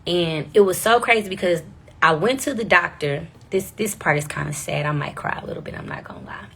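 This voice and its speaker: Young woman with a creaky voice, candid and profane, recounting her struggles to camera. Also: lowish voice, a little fast, a bit bright. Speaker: vlogger. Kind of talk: casual storytelling to the camera.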